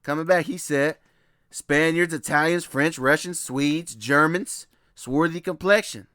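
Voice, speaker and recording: A man's voice: on the high side, unhurried, bright, forceful tone, no echo. A man giving a casual lecture from slides, loose and repetitive, often laughing and checking in with his listeners. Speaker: presenter walking through slides.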